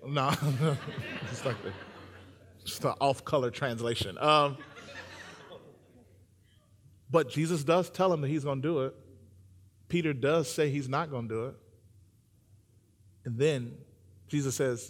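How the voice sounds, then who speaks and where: A man preaching a sermon, joking with the congregation and building to loud, sung-out emphasis. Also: on the high side, measured pace, pauses often, long reverb tail. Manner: humorous, animated, builds to shouting.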